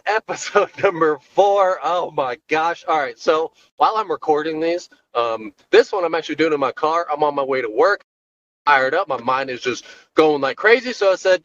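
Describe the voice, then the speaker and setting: A man co-hosting a podcast, delivering an animated, jokey solo rant recorded in his car. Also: a little high, moderate pace, muffled recording, slight background noise. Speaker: podcast co-host.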